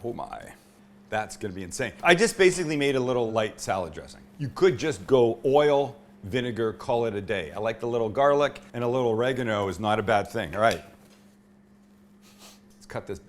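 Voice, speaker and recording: A man's voice: medium pitch, animated, brisk, a little hiss or hum. A man hosting a cooking show from his indoor home kitchen, chatty and irreverent as he demonstrates a recipe.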